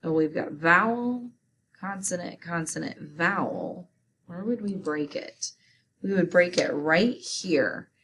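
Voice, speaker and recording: A woman teacher leads a spelling lesson at a very slow, deliberate pace. She sounds out each word letter by letter in a slightly low voice. A faint background hiss sits under her speech. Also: a bit bright.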